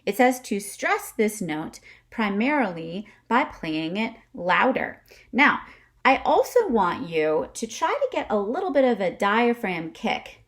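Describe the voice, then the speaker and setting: Woman music teacher, animated pitch, chatty, frequent "okay?", demonstrates with short breath huffs. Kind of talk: instrumental lesson video.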